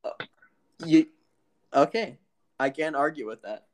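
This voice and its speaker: A young man co-hosting a casual podcast, hesitant and stammering, quick to laugh. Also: a little high, crowd noise. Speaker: podcast co-host. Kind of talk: casual joking chat.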